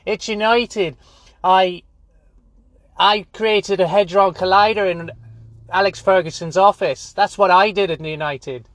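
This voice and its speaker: Man doing a moaning Scouse footballer, high strained whine, stammers, dry close sound. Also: fairly even intonation, unhurried, a bit bright, no echo. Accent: Liverpool.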